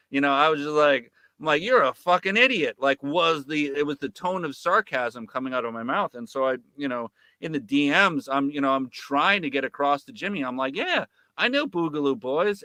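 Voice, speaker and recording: A man talking about his filmmaking with a very bright, edgy tone that sits a little high. He swears freely, turns sarcastic, and piles up fillers and restarts. The sound is dry and close to the mic. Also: no echo. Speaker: filmmaker guest. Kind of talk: animated casual storytelling.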